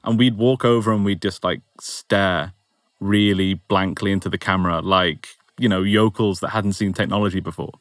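A young English man casually recounting a story, animated and amused, acting out quotes. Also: sits low, moderate pace, no room sound, studio quality. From England. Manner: animated, amused, quoting himself. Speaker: interviewee telling his story.

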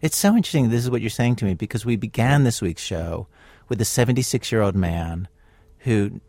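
A man hosting a radio show, narrating a guest's story in a measured, wry way and asking her questions. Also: fairly low pitch, mellow, no room sound. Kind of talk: scripted radio narration and interviewing.

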